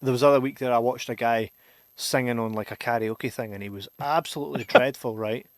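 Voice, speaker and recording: A man's voice: medium pitch, quick pace, no echo. A Scottish man in loose podcast banter, cursing casually and breaking into laughter. His voice sits in a middle register, recorded dry and close with no room around it. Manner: sweary, laughs often, drops to a mutter. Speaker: podcast co-host.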